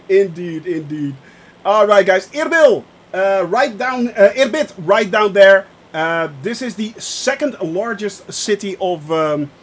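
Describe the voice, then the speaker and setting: Young male streamer, high voice, slow unhurried talk, keeps breaking into laughter while reading chat. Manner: laughs often, reacts to chat. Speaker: flight sim streamer. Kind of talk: casual live-stream chat.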